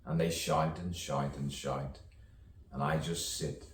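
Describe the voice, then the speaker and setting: A man with an extremely deep voice delivers a spoken-word monologue slowly, leaning on rhythm, repetition and wordplay. He sounds set back from the mic in an echoey room. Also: little pitch movement, distant mic, a little hiss or hum.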